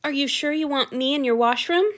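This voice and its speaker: A woman's voice: high-pitched, brisk, fairly bright tone, voice pushed up. Woman reading as a shy young male servant. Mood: flustered. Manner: hesitant, apologetic. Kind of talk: audiobook reading of fan fiction.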